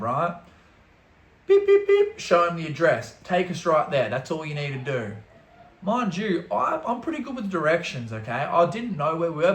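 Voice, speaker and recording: A young man telling an animated, slangy story full of swearing, as a vlogger. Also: a little high, reverberant. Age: young adult. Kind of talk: storytelling vlog.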